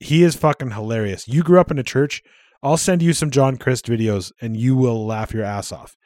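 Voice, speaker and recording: A man's voice: mid-range voice, normal speed, darkish tone, no echo, clean studio sound. A man co-hosting a podcast in casual chat, swearing freely and laughing often. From Canada. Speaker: podcast co-host.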